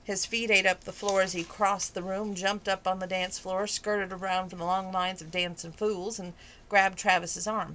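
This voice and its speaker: A woman's voice: medium pitch, flat delivery, normal speed, fairly bright tone, slight background noise. Woman, hobby reader, romance novel, plain reading voice, casual asides. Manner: casual asides with fillers and laughs between passages. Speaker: amateur audiobook reader.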